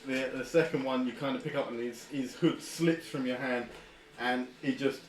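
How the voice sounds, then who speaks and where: A man with a British accent runs a tabletop game. He talks in a mid-range voice, with halting fillers and frequent laughter. The room echoes around him. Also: mid-range voice, a little hiss or hum. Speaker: game master. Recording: roomy echo.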